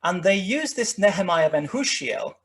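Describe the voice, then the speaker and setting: A man's voice: high-pitched, lively intonation, moderate pace, fairly bright tone. A man lecturing on history over slides, with many fillers and restarts as he talks. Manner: rambling, frequent restarts and fillers. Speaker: guest lecturer.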